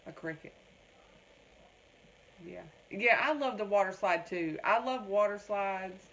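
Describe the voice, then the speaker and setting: A woman's voice: mid-range voice, a little slow, fairly bright tone. A woman hosting a casual craft livestream, rambling and chatting with viewers in the comments.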